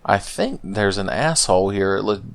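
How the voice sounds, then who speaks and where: A man's voice: fairly low pitch, expressive, normal speed, gravelly. Joking, foul-mouthed gaming man. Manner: jokey, profane, rambling. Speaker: gameplay commentator. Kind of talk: let's play commentary.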